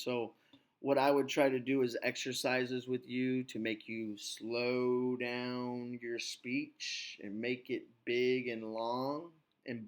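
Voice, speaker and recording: A slightly sick man teaching an English lesson over a video call, chatty and coaching, with lots of "you know" fillers. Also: medium pitch. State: slightly sick, clears throat.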